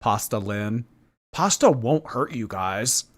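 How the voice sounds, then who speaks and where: A man's voice: on the low side, expressive, takes it slowly. A man hosting a live stream, reacting to videos with sarcastic, teasing remarks and reading viewer messages.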